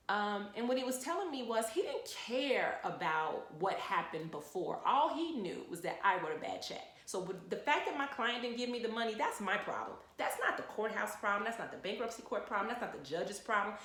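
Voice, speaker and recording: A woman who works as a lawyer, giving frank, animated advice to the camera in a casual chat. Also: medium pitch, echoey room. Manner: frank, animated storytelling with repeated phrases.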